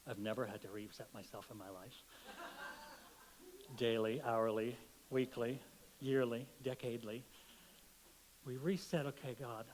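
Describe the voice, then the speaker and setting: A man's voice: mid-range voice, steady tone, measured pace, pauses often, a little mellow, a little hiss or hum, low-quality recording. A middle-aged man preaching a sermon in a conversational, playful way, telling stories and acting out the voices in them. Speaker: pastor. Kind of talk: sermon with storytelling.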